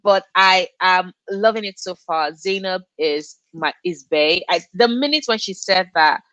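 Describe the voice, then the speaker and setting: A woman's voice: lowish voice, unhurried, fairly bright tone, no room sound, lo-fi sound. A young woman from Nigeria hosting a casual book livestream, reading the chat aloud and gushing back at her viewers. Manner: effusive, reads out chat and gushes, frequent laughs. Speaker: booktube livestream host.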